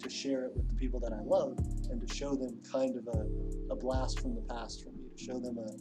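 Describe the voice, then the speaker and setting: A man's voice: mid-range voice, flat delivery, fairly quick, loud music behind the voice. A man hosting a livestream in casual chat, reading out viewer comments with lots of fillers and restarts. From Louisiana. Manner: rambling, filler-heavy, reads chat aloud. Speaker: livestream host.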